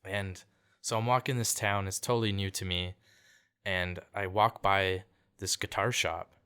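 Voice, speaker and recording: A man's voice: sits low, steady tone, a little slow, sharp tone, clear, resonant tone. A young man from Canada telling a story in casual podcast chat, laid-back, peppering his talk with "like" and "dude" and acting out quotes. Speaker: podcast guest, singer-songwriter.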